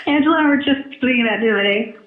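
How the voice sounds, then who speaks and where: Giggly woman on a tinny phone line. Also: sits high. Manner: giggly, flirtatious, chatty. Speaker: caller on a recorded phone call. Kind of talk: casual phone chat. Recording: tinny echoey phone recording.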